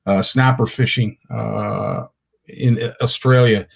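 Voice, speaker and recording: On his fishing talk show, a middle-aged man from Canada speaks slowly in a mid-range voice with vocal fry and huge pitch swings. His casual storytelling rambles, with many restarts along the way.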